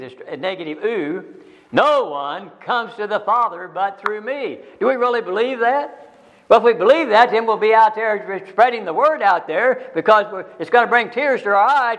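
Older guy preaching, fairly high voice, earnest and emphatic, repeats himself. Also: fairly bright tone, lo-fi sound. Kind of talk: sermon.

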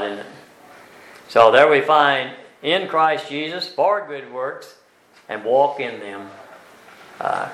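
Deliberate man teaching a Bible class. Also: mid-range voice, a bit bright, roomy sound, rough recording. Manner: slow and deliberate, with many fillers, tag questions and emphatic scripture readings.

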